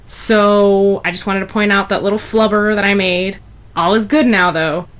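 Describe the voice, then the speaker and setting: Woman, mid pitch, casual reviewer, loose and chatty with lots of fillers. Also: fairly even intonation, normal speed. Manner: chatty, rambling, many fillers like "you know". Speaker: fan fiction reviewer. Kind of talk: casual spoken story review.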